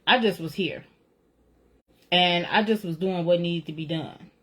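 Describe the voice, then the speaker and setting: A woman's voice: lowish voice, measured pace, fairly bright tone. Earnest woman sharing a faith testimony. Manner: earnest, conversational, often says "right?" and "you know"; reflective, retelling feelings with rising emotion. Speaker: author sharing a personal testimony. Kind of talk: casual faith talk.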